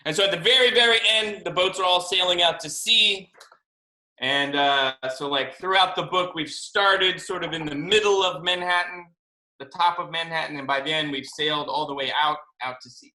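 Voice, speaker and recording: A man, a children's author, reading his picture book aloud to first graders over a video call, expressive and asking them questions. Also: on the high side, normal speed. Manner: animated, expressive, asks kids questions. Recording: roomy video call audio.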